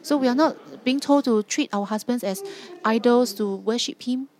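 A woman's voice: fairly high pitch, normal speed, a little mellow. Earnest woman preaching with emphatic repetition. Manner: earnest, emphatic, repeats phrases for stress. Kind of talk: sermon.

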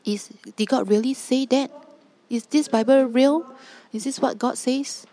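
Lady preaching, kinda high voice, hammers the same questions over and over. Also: measured pace, dark tone. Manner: emphatic, repeats rhetorical questions. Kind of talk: sermon.

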